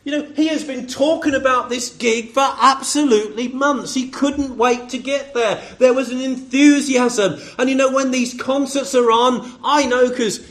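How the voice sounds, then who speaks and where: A man's voice: very high voice, steady tone, moderate pace, hardly any pauses, a bit bright. A man preaching a sermon, talking conversationally, putting rhetorical questions to the congregation and calling on members by name. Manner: asks the listeners rhetorical questions.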